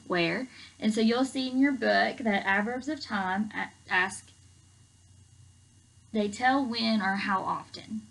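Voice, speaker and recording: A woman's voice: mid-range voice, creaky, bright, forceful tone, poor audio. A woman teacher giving a recorded English lesson to seventh graders, chatty and explaining with everyday examples and many fillers.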